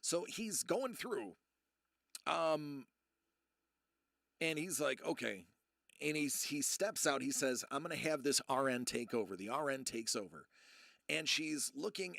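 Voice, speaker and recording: A gravelly, bright-toned man in his thirties tells a long personal story to his live chat. He rambles, restarts his sentences and drops his voice low when quoting others. The sound is dry and close. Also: no echo. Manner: rambling, self-interrupting, acts out quotes in a low voice. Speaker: streamer.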